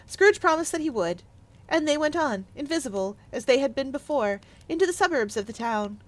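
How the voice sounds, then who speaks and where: High-voiced woman streamer reading aloud. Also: fairly quick. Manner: chatty and excitable with chat. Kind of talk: live stream book reading and chat.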